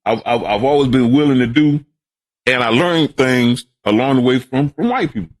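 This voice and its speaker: An older man from Brooklyn, the podcast host's father, tells stories during a casual chat. His mid-range voice moves at a normal pace, and he tends to repeat words and act out the voices of people he quotes.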